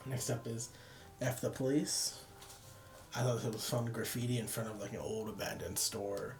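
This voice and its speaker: A man's voice: mid-range voice, steady tone, moderate pace, a little mellow, faint music behind. A tired young man casually rambling and joking as he walks through his photos. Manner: rambling, self-deprecating, laughs at own jokes. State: tired, yawning. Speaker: photography vlogger. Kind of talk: casual chat.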